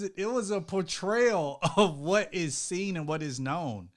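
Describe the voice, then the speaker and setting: Animated man in lively casual chat. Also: sits high, takes it slowly. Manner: animated, laughs often, acts out quotes in a raised voice. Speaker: co-host, husband.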